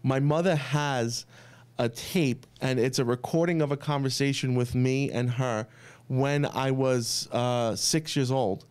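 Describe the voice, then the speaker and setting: A man tells family stories in a relaxed podcast conversation. His voice sits at a middle pitch, and he grows animated when he quotes his relatives. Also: measured pace, clear, resonant tone. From United States. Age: 30s. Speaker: podcast guest, pizza chef.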